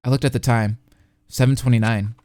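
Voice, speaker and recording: A man's voice: mid-range voice, fairly even intonation, brisk, warm tone, dry recording, studio quality. A young man streaming a live reaction, reading a visual novel aloud and chatting playfully with his chat. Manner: playful, chats with his live chat between read passages. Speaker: streamer and commentator.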